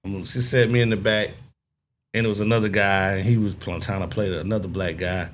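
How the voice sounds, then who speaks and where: A man's voice: a little fast, slight background noise. A middle-aged man telling a story in a casual chat, acting out other people's voices now and then. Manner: animated storyteller, acts out voices in a high falsetto. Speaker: podcast co-host.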